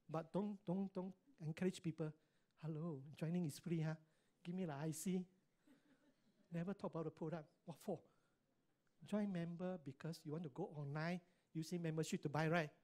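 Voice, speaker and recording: A man's voice: high voice, a little mellow. Emphatic Singaporean man addressing a crowd. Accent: Singaporean English. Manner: emphatic, keeps asking the audience "right?" and "correct or not?". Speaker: speaker at a business meeting. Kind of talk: motivational talk to an audience.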